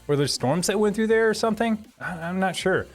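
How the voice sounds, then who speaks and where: A man's voice: sits high, animated, brisk, faint music behind. A man hosting a live stream from his home setup, chatting casually, reading viewer comments and thanking them with frequent laughs.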